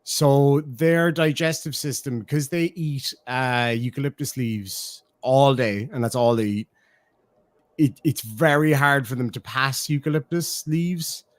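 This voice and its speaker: A man's voice: medium pitch, dry recording. An Irish man hosting a stream, chatting casually and swearing as he reacts to clips, laughing often.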